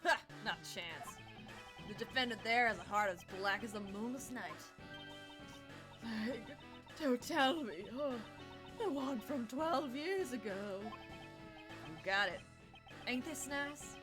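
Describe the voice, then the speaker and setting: A woman's voice: on the high side, animated, slow, pauses often, music in the background. A woman voicing a brash, swaggering young male investigator in a game, with a put-on Southern drawl and cocky delivery. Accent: put-on American Southern. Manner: cocky, drawling, self-assured.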